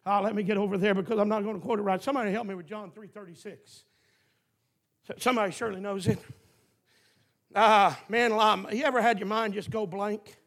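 A man preaching a fiery revival sermon, swinging from quiet, close talk to shouted, repeated lines. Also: very high voice.

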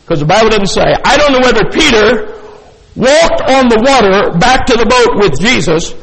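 An older male pastor with an unusually high voice preaches in an animated way, acting out the story with chuckles. His voice rings through a church hall with a long echo. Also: normal speed. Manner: animated, acts out scenes, chuckles often. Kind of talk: sermon. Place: church sanctuary.

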